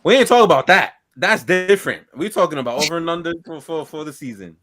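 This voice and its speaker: A man's voice: fairly high pitch, lively intonation, quick pace, a bit bright. A man on a casual sports panel, blunt and profane, teasing the others.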